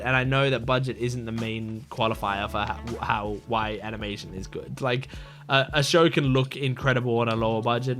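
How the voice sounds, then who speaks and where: A young man hosting an anime reaction, talking casually in an excited, rambling way full of fillers and swearing. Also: mid-range voice.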